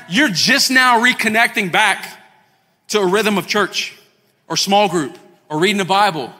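A pastor delivering a lively sermon to his congregation, acting out quoted voices and repeating words as he builds his points. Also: sits high. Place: church sanctuary. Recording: long hall reverb, faint music.

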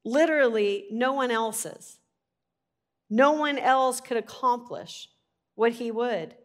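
A woman with a slightly raised voice teaches from scripture. She reads verses steadily, then talks them through conversationally, leaning on single words for emphasis and clearing her throat now and then. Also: on the high side, slow. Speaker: Bible teacher. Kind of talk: Bible reading and teaching.

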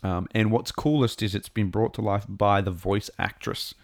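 A man's voice: on the low side, fairly even intonation, moderate pace, no echo, studio quality. A man recapping a show episode in a casual, rambling and enthusiastic way, with lots of ums and restarts. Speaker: show reviewer.

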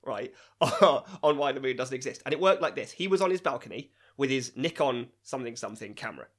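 An English man co-hosting a comedy podcast, telling a story with animated delivery and frequent laughs. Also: medium pitch, fairly quick. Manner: animated, laughs often, voices people he describes. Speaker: podcast co-host.

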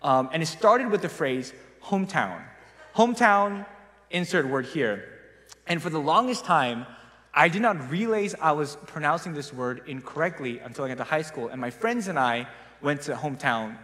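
Raised-voice storyteller preaching in a reverberant hall. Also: male voice, on the high side, normal speed. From South Korea. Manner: animated storytelling, casual and self-mocking. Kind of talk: sermon. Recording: long reverb of a large hall.

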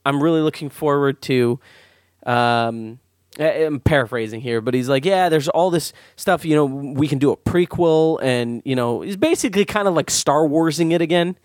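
A man hosting a casual podcast chat, animated and rambling, quick to laugh and swear. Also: medium pitch, dry recording, studio quality. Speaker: podcast host.

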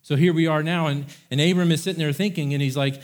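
A middle-aged man preaching a sermon as pastor, talking in a relaxed, conversational way and retelling scripture in everyday words. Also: fairly high pitch, fast. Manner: conversational, paraphrases scripture in a casual voice.

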